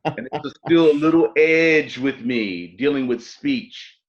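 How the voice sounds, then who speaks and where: A man's voice: a little high, slow pace. A man in his fifties hosting an interview, asking questions and speaking candidly and reflectively. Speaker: host. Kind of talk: conversational interview. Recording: dull lo-fi audio.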